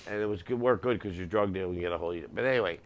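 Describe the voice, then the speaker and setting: A middle-aged man, a comedian guest in a studio, telling animated anecdotes with quick asides. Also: sits low. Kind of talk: casual interview storytelling.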